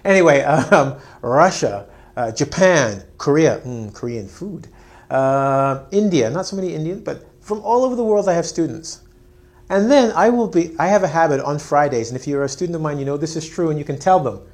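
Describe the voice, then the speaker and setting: A man's voice: on the high side, animated, normal speed, darkish tone. A man teaching an English lesson, acting out students' lines with big jumps in voice and laughing often. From Canada. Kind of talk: energetic online English lesson.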